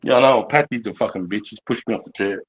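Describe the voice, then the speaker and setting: An Australian man in his forties, talking in a somewhat low voice. He tells army stories in a loose, rambling way, swearing constantly. He breaks into laughter often. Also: quick pace, breathy edge. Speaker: army veteran telling war stories. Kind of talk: casual storytelling chat.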